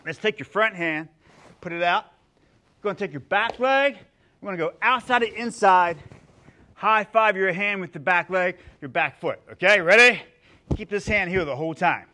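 A male karate instructor leads a streamed beginners' class with a high, bright voice. He walks the kids through each move calmly, then snaps out loud counts and punchy kiai shouts. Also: normal speed, long pauses. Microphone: phone or laptop for a live stream.

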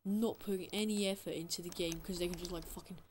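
A man's voice: high-pitched, steady tone, fast, slight background noise. A man giving an angry, profanity-heavy rant as gameplay commentary, sounding exasperated throughout. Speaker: gaming channel host.

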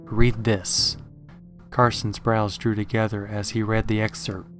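A man narrating a horror story in a measured, dramatic reading. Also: on the low side, monotone. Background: faint horror background music.

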